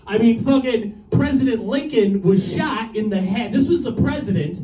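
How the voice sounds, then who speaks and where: A man's voice: very high-pitched, normal speed, mellow. A man doing a stand-up comedy set, rambling, swearing and mocking himself. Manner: rambling, profane, self-mocking. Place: comedy club stage. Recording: roomy club sound from the mic distance. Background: audience laughter.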